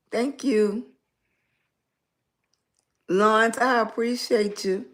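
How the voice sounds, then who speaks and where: A middle-aged woman with a Southern US accent and a slightly raspy voice, rambling in casual livestream chat and greeting viewers by name. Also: on the low side, takes it slowly. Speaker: lifestyle blogger live streaming.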